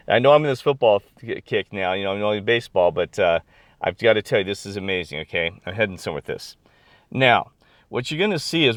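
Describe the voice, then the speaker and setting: A middle-aged man chatting casually to camera, rambling and excitable with lots of fillers and restarts. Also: on the low side, no room sound. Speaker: video blogger. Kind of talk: casual chat.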